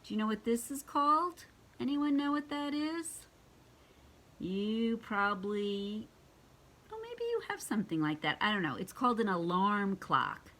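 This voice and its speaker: An older woman reading picture books aloud to her grandchildren, gentle and expressive, asking them questions as she goes. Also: medium pitch, a little slow. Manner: gentle and expressive, asking the children questions and acting out animal sounds.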